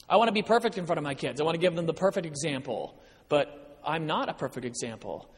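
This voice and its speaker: Guest preacher, male, high pitch, animated storyteller, reverberant church hall. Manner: animated storyteller, acts out dialogue. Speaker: guest speaker. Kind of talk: sermon with personal stories.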